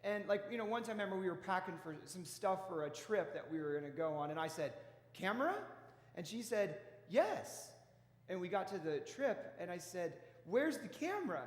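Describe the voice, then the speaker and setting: A man preaching a sermon in a relaxed, conversational way, telling stories with frequent restarts. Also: sits high, fast talker, hardly any pauses. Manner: folksy storytelling with frequent restarts. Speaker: pastor. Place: church. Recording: echoey church hall.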